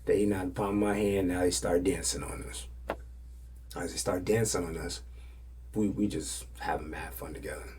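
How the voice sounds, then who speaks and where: A man hosting a podcast, telling stories casually in loose slang and often dropping to a hushed whisper. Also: low voice, fairly even intonation, a little fast, slight background noise. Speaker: podcast host. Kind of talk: casual storytelling.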